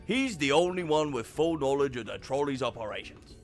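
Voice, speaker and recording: Man doing a Cockney miner, hearty and animated. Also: mid-range voice, a little fast, faint music behind, close to an everyday voice. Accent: put-on Cockney. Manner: lively, hearty storybook delivery. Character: chatty male miner NPC, trolley-obsessed. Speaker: streamer reading game dialogue. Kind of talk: voicing video game dialogue.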